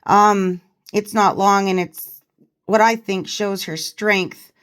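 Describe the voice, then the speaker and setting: A woman hosting a commentary channel, her voice hoarse and tired, reading articles aloud in a casual gossipy way and breaking off for quick asides. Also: medium pitch, fairly even intonation. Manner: gossipy, reads aloud with asides and small laughs.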